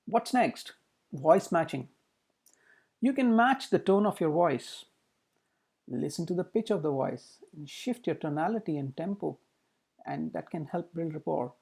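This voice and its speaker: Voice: lively intonation, measured pace, vocal fry, long pauses, breathy edge. A communication trainer giving a recorded training talk, explaining with rhetorical questions. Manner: demonstrates pitch, pace and loudness with the voice.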